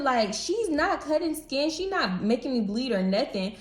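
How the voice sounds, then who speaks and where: A young woman casually telling a storytime story to her viewers, animated and slangy, speaking straight to camera. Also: high-pitched, moderate pace. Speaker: beauty vlogger. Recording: roomy echo.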